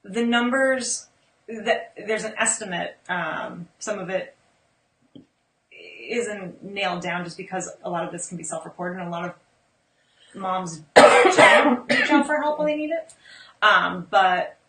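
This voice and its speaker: A woman speaking as a guest postpartum care educator in a casual interview, relaxed and informative with many ums. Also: mid-range voice, a little slow. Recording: echoey room, distant mic.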